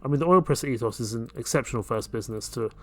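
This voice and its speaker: A man with a mid-range voice talks at a quick pace while hosting a let's play, casually commenting on the game and thinking aloud about his next moves. He sounds relaxed, and faint game music plays in the background.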